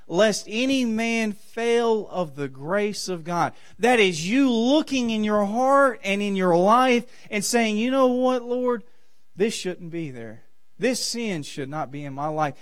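High-voiced preacher giving a sermon. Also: male voice. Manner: preaching with rising and falling emphasis. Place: church.

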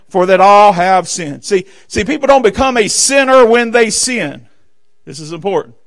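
A man preaching a sermon from the pulpit of a church, fervent and emphatic, swinging between loud declarations and hushed asides, repeatedly calling out "amen" and "listen.". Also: high-pitched, creaky. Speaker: pastor. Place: church sanctuary.

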